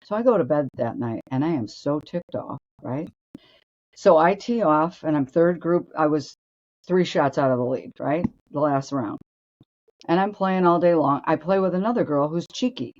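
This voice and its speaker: A woman's voice: low-pitched, lively intonation, moderate pace, darkish tone, muffled recording. An older woman co-hosting a show, telling blunt, brash stories and acting out the voices of people in them. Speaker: co-host and former tour golfer. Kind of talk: animated storytelling.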